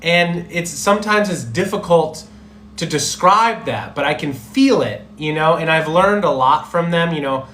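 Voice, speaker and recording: A man who teaches English, chatting on a livestream and answering viewer comments in a slow, reflective way as he searches for words. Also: a little high, animated, a bit bright. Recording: roomy echo with faint background hum.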